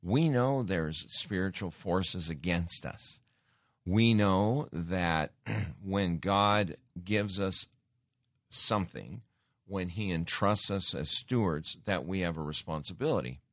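Recorded at studio quality with no room sound, a man speaks slowly in a low voice. As a Christian teacher, he delivers an earnest sermon-like lesson, stumbling through fillers and restarts, then rising in emphasis whenever he quotes scripture.

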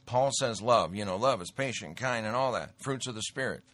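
A man's voice: on the low side, normal speed, a bit bright, dry recording. A middle-aged man hosting a commentary show, talking emphatically in a rambling way, often repeating himself. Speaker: host. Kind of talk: political commentary and sales pitch.

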